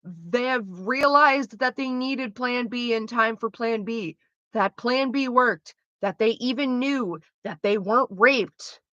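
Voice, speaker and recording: A young woman talking candidly in a casual chat, blunt and animated, swearing freely. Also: a little high, slow, no room sound, highs cut off. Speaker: streamer.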